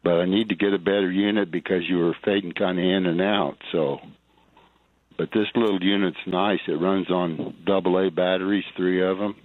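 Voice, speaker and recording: A man's voice: sits low, fairly even intonation, moderate pace, dry recording. An older retired man calling in to a radio show, speaking tersely and hesitantly. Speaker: caller. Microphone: telephone. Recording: tinny phone line.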